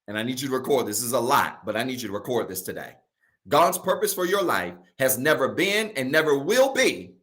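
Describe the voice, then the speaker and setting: A man's voice: medium pitch, bright, forceful tone. A middle-aged man from Virginia, preaching a sermon as pastor. He is emphatic and repeats key lines for his congregation.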